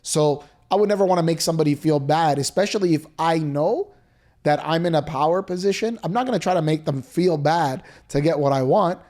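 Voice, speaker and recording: A man's voice: a little high, fairly quick, darkish tone. A man hosting a casual interview, earnestly agreeing and chiming in with his own views. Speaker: host.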